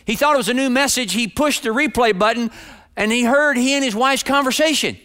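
Pastor, male, clear smooth voice, high for a man; earnest, repetitive sermon delivery. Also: brisk, bright, forceful tone. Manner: earnest, direct, repeats phrases for emphasis. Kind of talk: sermon to a congregation.

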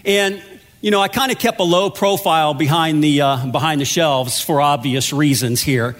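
A man's voice: a little high, normal speed, faint music behind. A pastor delivering a sermon in a conversational, storytelling way, with humor at his own expense. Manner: conversational, self-deprecating storytelling.

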